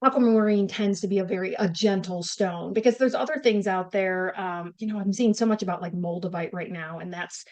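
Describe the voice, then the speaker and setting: A woman's voice: medium pitch, brisk, few pauses, darkish tone. A woman from upstate New York with a Northern accent, co-hosting a rambling, chatty conversation. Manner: chatty, rambling, many restarts and fillers. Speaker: podcast co-host. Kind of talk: casual chat.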